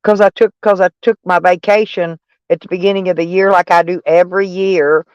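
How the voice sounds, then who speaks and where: A woman's voice: fairly low pitch, steady tone, brisk, a little mellow, smooth, dry recording, lo-fi sound. A middle-aged woman chatting casually on a live stream, mocking and sarcastic toward trolls in her chat. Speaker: van life streamer.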